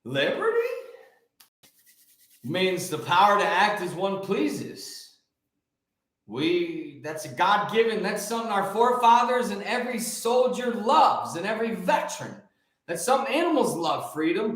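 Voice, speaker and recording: A male host giving an emphatic, preachy motivational monologue, stretching key words out slowly. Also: sits high, big pitch swings, a bit bright. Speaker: show host. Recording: very echoey room.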